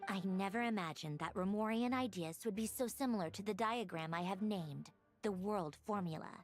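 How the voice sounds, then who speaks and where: A woman voicing an intense scholarly researcher in a game, who theorizes aloud in a measured, formal way. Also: mid-range voice, faint music behind, lightly acted. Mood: pensive. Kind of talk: game voice acting.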